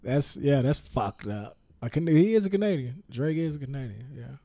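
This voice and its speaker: A man co-hosting a casual talk show who keeps his part short: quick questions and agreeing murmurs. His tone is mellow and the sound is dry and close. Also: mid-range voice, expressive, dry recording. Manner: brief questions and back-channel replies. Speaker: co-host. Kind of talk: casual podcast chat.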